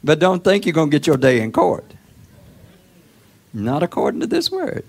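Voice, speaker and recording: A male preacher giving a sermon in an emphatic, repetitive way that swells to shouts. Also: a little high, wildly swooping pitch, normal speed, vocal fry, breathy edge.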